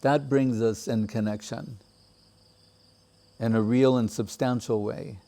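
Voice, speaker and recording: A man giving a measured, reflective devotional talk with many pauses. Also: medium pitch, steady tone, gravelly, warm tone. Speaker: spiritual teacher. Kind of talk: devotional discourse.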